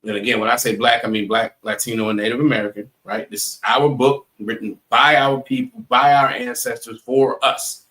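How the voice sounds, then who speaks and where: A man's voice: medium pitch, fairly even intonation, normal speed, hardly any pauses, sharp tone. Emphatic man teaching an online class. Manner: emphatic, repeats points, asks "right?" often; addresses chat viewers directly. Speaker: class instructor. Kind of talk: live online class lecture.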